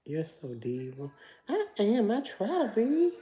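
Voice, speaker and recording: A woman's voice: mid-range voice, huge pitch swings, unhurried, warm tone, muffled recording. A woman with a country Memphis accent hosting a casual livestream, chatting and answering viewer comments aloud. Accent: Memphis Southern. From Memphis, USA. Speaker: livestream host.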